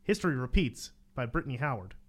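A young man co-hosting a casual podcast, talking lively and listing names quickly. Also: mid-range voice. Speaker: podcast co-host. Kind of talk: casual chat.

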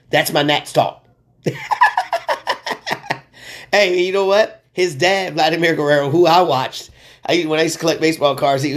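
Excitable slangy sports-talk guy. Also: on the high side. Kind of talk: casual sports commentary.

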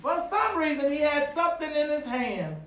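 A man preaching a sermon in a church, using call-and-response with the congregation and rising to shouts. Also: very high voice, very animated, moderate pace, a little hiss or hum. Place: church sanctuary. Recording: echoey room, distant mic.

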